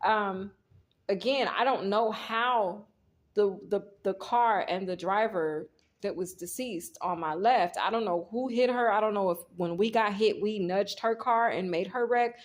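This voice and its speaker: A woman's voice: medium pitch, unhurried. A woman gives a casual tarot reading to her viewers. She rambles through the story in an easy, chatty way, often speaking straight to the audience. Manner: rambling, talks straight to viewers, retells scenes quoting herself. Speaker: tarot reader.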